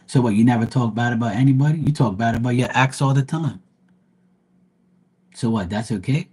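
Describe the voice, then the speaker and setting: A man running a live tarot stream talks in a blunt, heated rant and swears freely. His voice is husky and slightly rough, at an ordinary male pitch. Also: fairly quick, a little mellow. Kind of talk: ranting livestream monologue.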